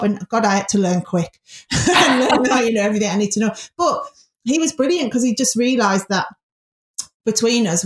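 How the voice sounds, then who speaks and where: A woman with a Northern English accent, a broadcaster chatting candidly as an interview guest. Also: medium pitch. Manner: chatty, candid, quick asides. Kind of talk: casual interview chat. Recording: roomy echo.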